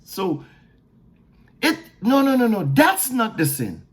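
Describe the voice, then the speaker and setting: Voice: mid-range voice, wildly swooping pitch, slow pace, breathy edge. A preacher giving a sermon teaching, emphatic, repeating words for stress and posing questions only to answer them.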